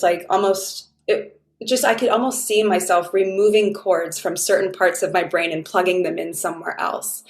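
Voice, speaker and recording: A woman guest who works as a dating mentor tells stories on an interview show, effusive, heartfelt and rambling in a casual chat. Her voice is fairly low, and the room is echoey.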